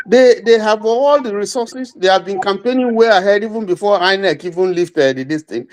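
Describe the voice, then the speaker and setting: A man's voice: sits high, normal speed. A Nigerian man joining a livestream discussion as a guest, talking conversationally in a mix of Pidgin and English. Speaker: guest caller.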